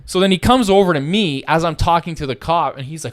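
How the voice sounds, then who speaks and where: Man, young adult, casual podcast storytelling, profane, animated, acts out quotes. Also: on the high side, fast talker. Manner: profane, animated, acts out the other people's lines. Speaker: podcast host telling a story.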